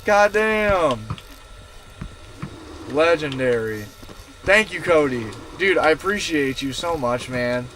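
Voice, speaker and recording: Man, streamer, casual storytelling, swears a lot, rambling, slightly high voice, faint background hiss. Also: slow pace, pauses often. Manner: profane, animated, rambling with many fillers. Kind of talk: casual storytelling to a live chat. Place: inside his camper van.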